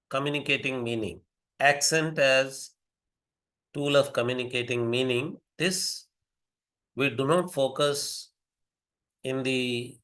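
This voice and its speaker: A man speaking at a measured, unhurried pace, like a lecturer working through an academic point. His voice sits in an ordinary middle range, and he circles back over phrases to stress them. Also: mid-range voice, a bit bright. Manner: slow, deliberate, repeats phrases for emphasis.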